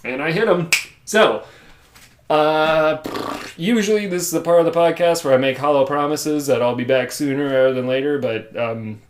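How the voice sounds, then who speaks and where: A man hosting a casual solo podcast from a room at home, rambling and self-deprecating. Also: on the high side. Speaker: podcast host.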